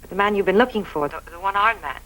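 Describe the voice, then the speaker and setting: A woman's voice: mid-range voice, fast talker, noisy background, natural voice. An actress playing an anxious, loyal young woman, talking breathlessly and stammering eagerly.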